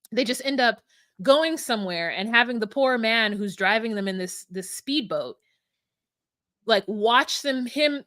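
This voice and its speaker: A young adult woman co-hosting a casual recap podcast, talking in an animated way and acting out quotes. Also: a little high, no room sound, studio quality. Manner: animated, acts out quotes from the show. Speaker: podcast co-host recapping a reality show.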